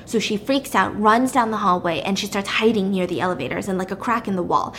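A woman casually recapping a drama's plot in an animated, chatty way, peppering it with fillers. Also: medium pitch, brisk, a little hiss or hum.

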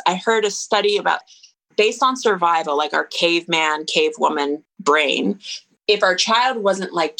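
A woman in her thirties, a podcast guest, talking in an earnest, reflective way with lively bursts. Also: on the low side, vocal fry, rough recording. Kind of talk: casual interview conversation.

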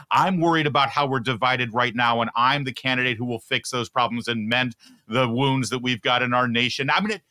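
A man with a bright, forceful voice comments as a guest on a political show, pressing his points home with repeated phrases. The recording is dry and close. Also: mid-range voice, no room sound. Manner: emphatic, repeats phrases for punch. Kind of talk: political talk show discussion.

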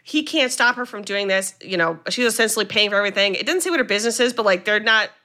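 A woman co-hosting a podcast who retells a film plot in a chatty, animated way with plenty of filler words. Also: medium pitch, quick pace. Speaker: podcast co-host. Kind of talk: casual film recap.

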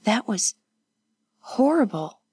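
Brief: narrator doing an anxious young woman in an audiobook, higher pitched, urgent, a bit breathless. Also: sing-song, takes it slowly, warm tone, husky, no echo, clean studio sound, full character voice.

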